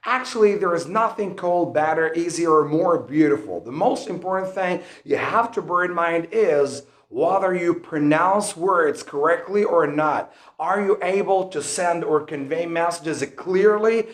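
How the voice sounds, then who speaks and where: A man teaching an online English lesson in an earnest, instructive way, whose first language is Arabic. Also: a little high. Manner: earnest, instructive, slow deliberate explanations. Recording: roomy echo.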